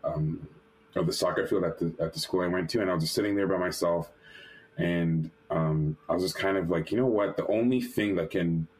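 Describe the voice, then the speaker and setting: Man, deep low voice, animator guest, lively storytelling, acts out quotes, lots of restarts. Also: rough recording. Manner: frequent restarts and fillers. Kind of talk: storytelling in an interview.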